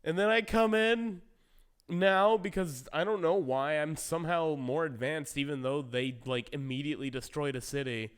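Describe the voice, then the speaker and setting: A man's voice: a little high, moderate pace, hardly any pauses, clear, resonant tone. A young man streaming, chatting casually and rambling through game stories with acted-out quotes. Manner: rambling storyteller acting out quoted lines. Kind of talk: casual gaming chat.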